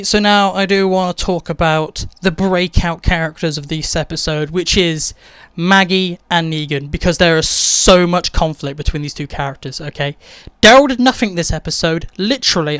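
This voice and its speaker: An excitable man reviewing a TV episode, rattling along and ending points with "okay?". His voice is high and smooth. It is recorded close and dry, with no room sound. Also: no echo. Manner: excitable, rapid, keeps tagging "okay?". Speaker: TV show reviewer. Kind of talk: casual spoiler-light TV review.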